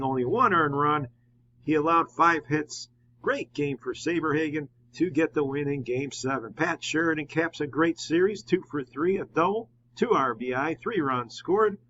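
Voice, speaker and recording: A man calling play-by-play of a simulated baseball game, rising with excitement on big hits and chatting through a recap. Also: a little high, highs cut off, a little hiss or hum.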